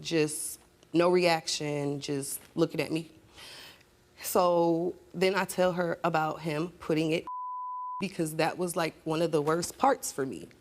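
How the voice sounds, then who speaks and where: A woman's voice: on the low side, vocal fry. A woman guest on a talk show, recounting a painful family story and growing heated as she argues with her mother. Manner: heated, talks over others. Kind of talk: emotional testimony on a talk show.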